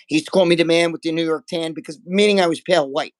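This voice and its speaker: A man in his sixties, a guest, telling rough, animated stories in casual chat and swearing often. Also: a little high, fast, rough recording. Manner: animated, profane storytelling.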